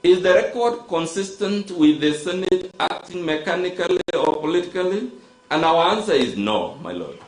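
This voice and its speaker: A man's voice: high voice, lively intonation, moderate pace. A man with a Kenyan accent, an advocate making a formal, rhetorical courtroom submission and repeatedly addressing the judge. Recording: echoey courtroom audio.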